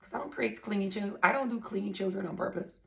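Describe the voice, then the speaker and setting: A woman's voice: medium pitch, quick pace, gravelly. A woman talking casually to her viewers, blunt and profane, telling a story with strong emphasis.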